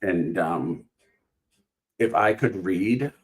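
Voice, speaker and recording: Low-voiced rambling man hosting a stream. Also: very slow. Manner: rambling, filler-heavy, self-interrupting. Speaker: live stream host opening trading cards. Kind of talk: casual live-stream chat.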